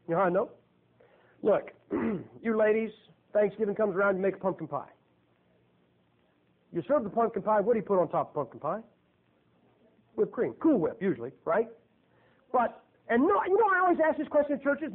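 High-voiced preacher man, tinny sound. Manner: folksy, emphatic, rhetorical questions to the audience. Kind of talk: sermon.

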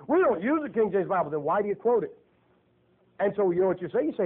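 A man's voice: high voice, animated, quick pace, slightly rough. A man preaching a sermon in a folksy, joking and emphatic way. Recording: tinny phone-like lo-fi recording.

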